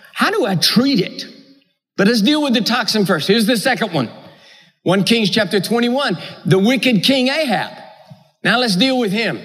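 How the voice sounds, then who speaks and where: A man's voice: sits high, fairly bright tone. A man preaching a sermon with an emphatic, repetitive cadence. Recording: echoey hall.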